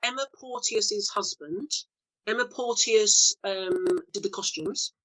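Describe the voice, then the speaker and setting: A woman's voice: mid-range voice, slow, pushed and bright, rough recording. A woman in her fifties, an actress guest, telling bawdy anecdotes in a chatty, laughing way during a casual interview.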